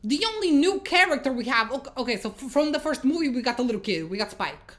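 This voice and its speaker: A woman's voice: high voice, fast. A woman giving a casual movie review, exasperated and swearing as she retells scenes. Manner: exasperated, swearing, animated storytelling.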